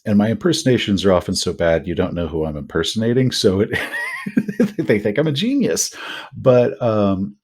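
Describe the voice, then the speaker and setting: A man with a deep, slightly husky voice co-hosts a casual podcast about tabletop horror games. His pitch swings widely as he talks, and he rambles through asides. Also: normal speed. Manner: animated, rambling with many asides. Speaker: podcast co-host.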